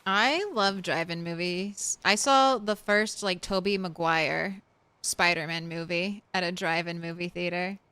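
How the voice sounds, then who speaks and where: A woman streamer chatting casually, cutting in with quick comments. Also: lowish voice, bright, forceful tone, clear, resonant tone. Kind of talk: casual chat.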